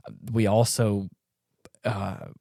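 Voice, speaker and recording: Male podcast co-host, lowish voice, dry close sound, rambling and stammering restarts. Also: steady tone, slow pace, gravelly, dark tone, dry recording. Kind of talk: casual chat.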